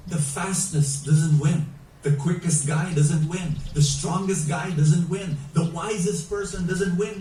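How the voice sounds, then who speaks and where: A man preaching a sermon in an animated, emphatic way, asking his listeners many rhetorical questions. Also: sits high, unhurried, a little hiss or hum. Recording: echoey room, mic at a distance.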